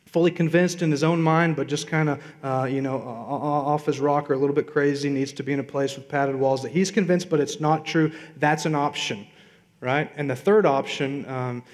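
A man preaching a sermon as pastor, building to loud emphatic peaks and asking his congregation questions. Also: mid-range voice. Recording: long reverb of a large hall.

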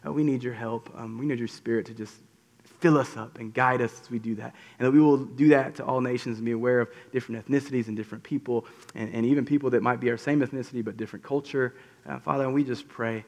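Man, pastor, soft halting prayer, reverberant hall. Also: mid-range voice, gravelly. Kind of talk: closing prayer.

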